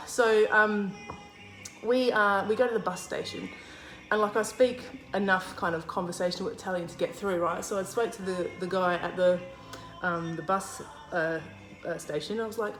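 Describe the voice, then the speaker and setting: A woman's voice: mid-range voice, steady tone, normal speed, reverberant, soft background music, poor audio. An Australian woman hosting a cooking video, telling a story casually with lots of fillers and acted-out quotes. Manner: chatty, lots of fillers, acts out quoted lines.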